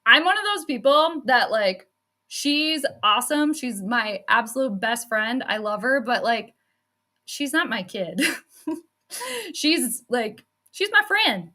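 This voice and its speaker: Woman streaming from home, bright voice kinda high, chatty and laughy, lots of "like". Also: lively intonation, slow pace. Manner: chatty, laughs often, says "like" a lot. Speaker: sports astrology streamer. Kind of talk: casual live-stream chat. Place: home workspace.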